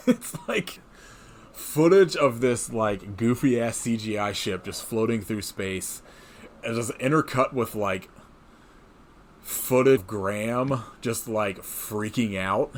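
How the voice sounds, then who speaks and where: A man's voice: medium pitch, slow pace, a little hiss or hum. A man casually recapping a movie on a podcast, rambling with many fillers, swearing and laughing often. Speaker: podcast co-host.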